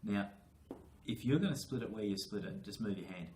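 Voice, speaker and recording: A man's voice: lowish voice, big pitch swings, fairly quick, vocal fry, darkish tone, slight background noise. Encouraging Australian man coaching young readers. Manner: encouraging, patient, matey coaching. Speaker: literacy teacher. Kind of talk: small-group reading intervention lesson. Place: classroom. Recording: roomy classroom echo.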